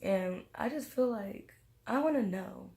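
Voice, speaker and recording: Tipsy young woman telling a story, gravelly. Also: fairly high pitch, a little slow. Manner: animated, slangy storytelling with acted-out quotes. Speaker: vlogger. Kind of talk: casual storytime monologue.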